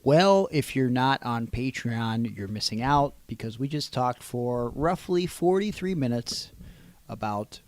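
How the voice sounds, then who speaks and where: A man's voice: medium pitch, expressive, a little slow, a little mellow, no echo. A man co-hosting a podcast, chatting casually and reading an ad in a joking, playful way. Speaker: podcast co-host. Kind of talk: casual podcast chat and ad read.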